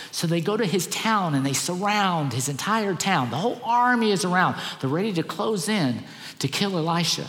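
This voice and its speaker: A man's voice: high voice, animated, brisk, a bit bright, in a large hall. A man preaching a sermon as pastor, earnest and emphatic, repeating key phrases.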